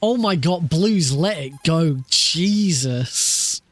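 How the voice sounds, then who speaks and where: A man's voice: fairly high pitch, expressive, slow pace, dry recording. A man streaming a speedrun practice, chatting casually with viewers, laughing often and swearing freely. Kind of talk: casual live-stream chat.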